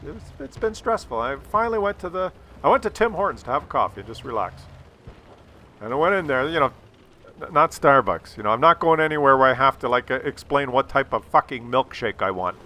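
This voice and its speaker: A man's voice: mid-range voice, pushed and bright, a little hiss or hum. Profane, ranting older man. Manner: profane, sarcastic storytelling. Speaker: gaming YouTuber. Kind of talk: rambling rant over gameplay.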